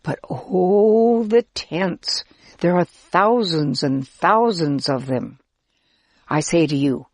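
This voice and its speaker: A woman narrating a pretend-play Bible story for children, gently addressing the listener directly. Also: on the low side, slow pace, no room sound, clean studio sound.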